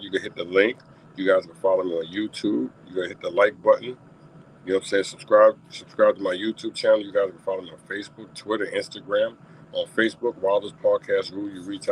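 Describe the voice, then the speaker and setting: A lower-voiced man hosts his own sports talk stream off the cuff. He repeats himself and pushes his voice up toward near-shouting when he gets heated. There's a faint hum of noise behind him. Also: poor audio. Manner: passionate, repetitive, rising to near-shouting rants. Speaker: talk show host.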